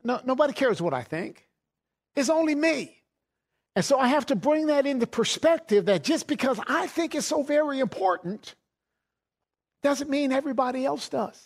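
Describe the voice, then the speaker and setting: A man's voice: extremely high pitch, animated, moderate pace. A middle-aged man preaching a sermon in a folksy way, laughing often and repeating words as he goes.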